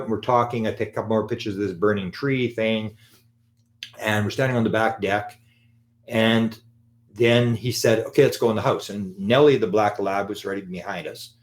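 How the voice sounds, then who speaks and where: A man telling an anecdote in a live talk, animated and acting out the quotes. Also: on the low side. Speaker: lecturer on UFOs.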